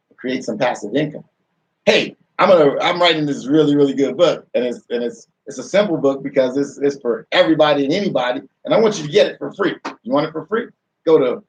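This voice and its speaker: A man hosts a motivational radio show with a slightly high voice. He keeps asking rhetorical questions and repeats words as he restarts his sentences. He sounds a little distant from the microphone. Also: gravelly, muffled recording.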